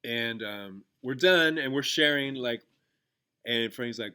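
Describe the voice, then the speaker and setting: A man's voice: mid-range voice, slow, bright, forceful tone, clean tone. A man who teaches and hosts a podcast, talking casually with lots of fillers as he guides listeners through an exercise and tells a story from class. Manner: conversational, loose with fillers and restarts, retells a classroom story. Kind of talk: casual podcast talk guiding a gratitude exercise.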